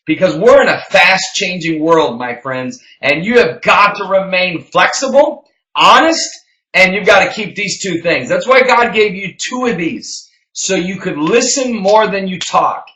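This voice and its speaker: A man's voice: high-pitched, animated, unhurried, bright, forceful tone, roomy sound, low-quality recording. A man co-hosting a business talk show, emphatic and preachy, repeating phrases for effect. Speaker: podcast co-host.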